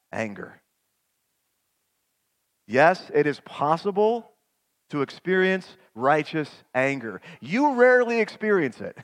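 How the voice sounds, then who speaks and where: A middle-aged man preaching a sermon, retelling scripture as a vivid dramatic story and rising to loud emphatic peaks. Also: high voice. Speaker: pastor.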